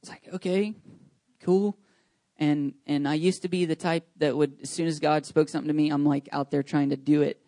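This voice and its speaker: A man in his thirties leading a church service, talking casually and excitedly. He rambles with frequent "ums" and restarts. His voice sits a little high and sounds dry. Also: a little fast, hardly any pauses, no echo. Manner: chatty, rambling with many fillers and restarts; enthusiastic, excitable. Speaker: pastor.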